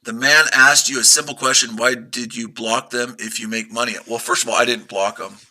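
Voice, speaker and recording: A man's voice: medium pitch, level tone, brisk, pushed and bright. A man streaming live as a day trader, ranting at his chat in a combative, profane way and repeating his rhetorical questions.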